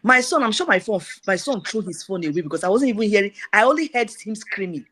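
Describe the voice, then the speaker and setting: A middle-aged woman giving a personal testimony, retelling events in a lively way with repeated phrases. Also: mid-range voice, fast talker.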